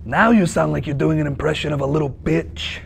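An actor playing a crude, brash, teasing spaceship pilot in a comedy sketch. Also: male voice, fairly high pitch, fairly quick, creaky, faint music behind.

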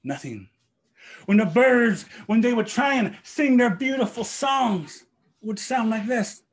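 A man telling a traditional story to young people, animated, with spoken sound effects. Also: extremely high pitch, measured pace.

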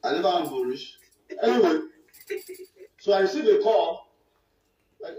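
A man's voice: high voice, lively intonation, normal speed, long pauses, warm tone, reverberant. Boastful Nigerian man in a dull distant clip. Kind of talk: personal story told to camera.

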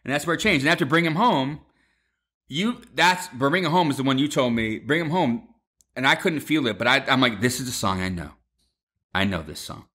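Animated man telling a story on a call. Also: mid-range voice, fairly quick. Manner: animated storytelling, swears freely, acts out quotes. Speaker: son, former Broadway performer. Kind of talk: casual family video call story. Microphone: video call.

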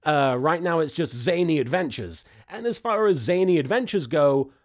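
A man's voice: fairly high pitch, animated, normal speed. Sarcastic man recapping an anime. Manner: sarcastic, exasperated asides. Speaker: host recapping an anime episode. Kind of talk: comedic recap commentary.

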